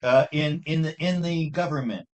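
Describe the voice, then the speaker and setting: Slightly high-voiced man asking questions. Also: lo-fi sound. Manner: hesitant, halting questions. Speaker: questioner in conversation. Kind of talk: casual chat.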